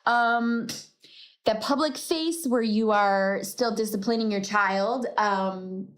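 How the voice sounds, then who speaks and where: A woman hosting a podcast, telling a personal faith story in a reflective way and laughing at herself now and then. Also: on the high side. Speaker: podcast host.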